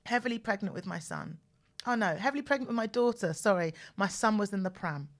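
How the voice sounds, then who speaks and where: A woman in her forties hosting a podcast, telling personal stories in an animated way and repeating phrases for emphasis, close to the mic. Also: mid-range voice, brisk. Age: 40s. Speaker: podcast host. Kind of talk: personal storytelling monologue. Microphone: mic close to the mouth.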